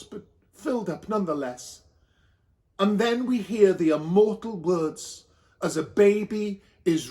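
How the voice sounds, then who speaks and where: A man's voice: fairly high pitch, mellow. A man with a Welsh accent telling a comic story in a camp, theatrical way.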